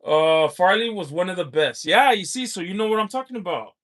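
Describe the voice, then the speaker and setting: A man hosting a livestream, chatting casually and reading out viewer comments, halting with many pauses and filler sounds. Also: high voice, lively intonation, fairly bright tone. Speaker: livestream host.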